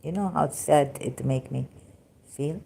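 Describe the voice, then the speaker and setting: Slow, low-voiced woman reading aloud. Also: creaky, warm tone, slightly rough. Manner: slow, halting reading with asides and fillers. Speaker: religious commentary channel host.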